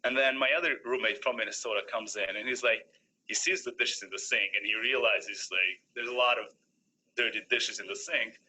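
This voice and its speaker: A man's voice: on the low side, fairly even intonation, a little fast, pushed and bright, breathy edge, low-quality recording. A young man in his early twenties from Albania, a university student telling a casual personal story with many fillers. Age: around 20. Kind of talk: personal anecdote.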